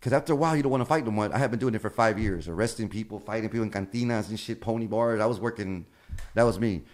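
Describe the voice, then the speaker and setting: A man's voice: on the low side, very fast. A man, a comedian guest, telling casual stories with lots of swearing and acted-out dialogue. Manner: animated, acts out quoted dialogue, swears freely. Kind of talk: casual storytelling.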